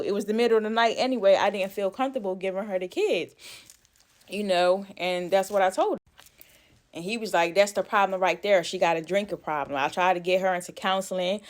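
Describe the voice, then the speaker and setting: A woman vlogger chatting casually through a gossipy story, acting out what people said, recorded on her phone. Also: mid-range voice. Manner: animated, talkative, acts out quoted dialogue.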